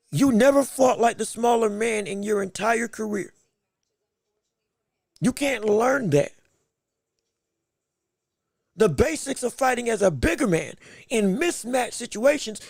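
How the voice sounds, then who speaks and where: A man's voice: high voice, lively intonation, measured pace, vocal fry, pauses often, darkish tone, no room sound, clean studio sound. A man hosting a podcast, giving emphatic live fight commentary with repeated phrases and joking banter with the chat. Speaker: podcast host.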